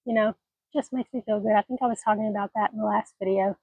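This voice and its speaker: She talks fast and fairly evenly, a medium-pitched, slightly rough voice coming through narrow, tinny audio with no echo. She's a retired woman in her sixties rambling folksily into a phone camera outdoors on her mountain homestead for a casual vlog, her throat a little scratchy from allergies.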